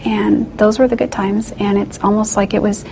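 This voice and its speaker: A woman answering an interview question in a soft, halting, reflective way. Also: mid-range voice, fairly even intonation, vocal fry, slight background noise.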